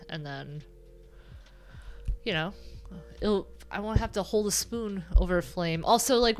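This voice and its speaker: A woman's voice: lowish voice, a bit bright, smooth. A woman with a nasal voice chatting casually on her livestream, rambling and joking at her own expense. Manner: chatty, rambling, self-deprecating. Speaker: livestream host.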